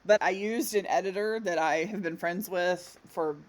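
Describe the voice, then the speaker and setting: A woman guest author on a podcast, talking casually with halting restarts and easy laughs. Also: on the low side. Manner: lively, halting, laughs easily.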